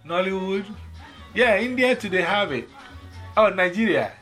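A man's voice: high voice, moderate pace, faint music behind. A man with a Ghanaian accent telling a bus story in casual chat, acting out the voices he quotes. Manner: animated, acts out quoted voices. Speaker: storyteller in conversation.

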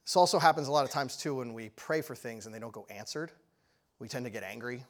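A man preaching a sermon, telling a story with lively energy and often asking the audience questions. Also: mid-range voice, fast talker.

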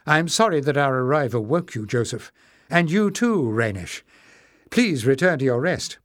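A man's voice: mid-range voice, expressive, normal speed, no echo, clean studio sound, lightly acted. A man voicing a young male king who speaks politely but with tense control.

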